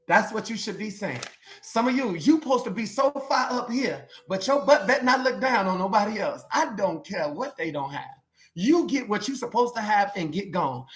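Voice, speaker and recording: A man's voice: sits high, a bit bright. A man preaching a motivational message, exhorting listeners in a colloquial call-and-response way. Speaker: life coach preacher.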